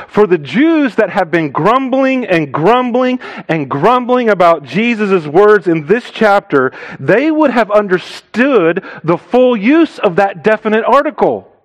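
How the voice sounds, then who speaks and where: A man preaching a sermon as a missionary, stressing key phrases hard, dropping to quiet asides and putting rhetorical questions to the congregation. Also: rough recording. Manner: emphatic, swinging between loud stressed phrases and low quiet asides.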